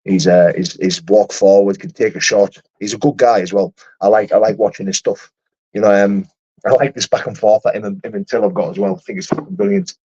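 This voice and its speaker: Young guy on a live stream, kinda low voice, swears a lot, keeps restarting, muffled lo-fi audio. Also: steady tone, a little fast, dark tone, husky. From United Kingdom. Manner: rambling and profane, with many restarts. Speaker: fighter hosting a livestream. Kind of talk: casual livestream chat, answering viewer comments.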